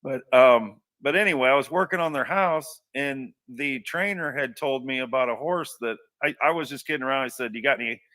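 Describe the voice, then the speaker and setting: A man's voice: mid-range voice, brisk, few pauses, bright, forceful tone, recorded from a distance. A man telling a long personal anecdote in a casual, rambling way, full of restarts and asides. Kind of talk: casual storytelling.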